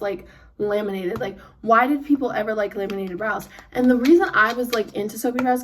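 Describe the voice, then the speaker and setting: A young woman chatting as she does her makeup for a vlog, talking fast and rambling with lots of fillers, recorded on a phone. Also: on the high side, a little mellow. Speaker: beauty vlogger. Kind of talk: get-ready-with-me chat. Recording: phone mic from a distance, some noise.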